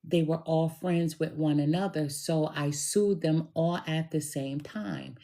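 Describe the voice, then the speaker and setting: Middle-aged woman, low mellow voice, unhurried storyteller talking straight to camera. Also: steady tone. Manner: slow, deliberate and emphatic, addresses listener directly. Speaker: tarot reader telling a personal story. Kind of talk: casual storytelling monologue.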